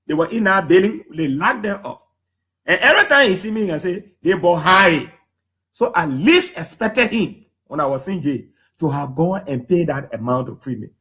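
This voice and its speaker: Liberian English man, 30s, high voice, emphatic public storyteller who acts out quotes. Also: normal speed. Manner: lively, emphatic, slips into quoting others in put-on voices. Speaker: human rights defender speaking to the public. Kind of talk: animated storytelling talk.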